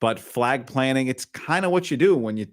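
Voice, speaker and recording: A man's voice: medium pitch, animated, moderate pace. A man hosting a casual sports podcast, talking in a rambling way with restarts mid-thought. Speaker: podcast host.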